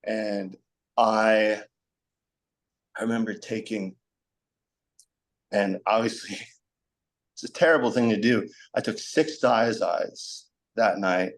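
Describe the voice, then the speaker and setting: A man's voice: on the low side, slow pace, pauses often. A young man as a podcast guest, talking frankly in a rambling conversational way, with many fillers. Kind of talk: candid conversational storytelling.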